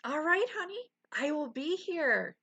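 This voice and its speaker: A woman's voice: sits high, very animated, a little slow, bright, forceful tone, highs cut off. A woman streamer chatting casually with her live chat, laughing often and full of exclamations, at a desk mic.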